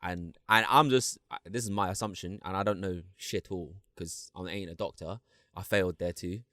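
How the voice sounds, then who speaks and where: A man's voice: sits low, steady tone, normal speed, a bit bright, no room sound, studio quality. Joking young man on a video call. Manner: joking, lots of slang and restarts. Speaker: podcast co-host. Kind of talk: casual chat.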